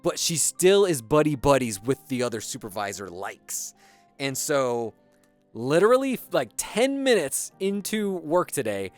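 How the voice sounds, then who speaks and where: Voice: medium pitch, very animated, a little slow, faint music behind. A streamer chatting casually during a livestream, rambling and swearing with lots of fillers. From United States. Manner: rambling, profane storytelling with many fillers. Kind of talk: casual chat while building on a livestream.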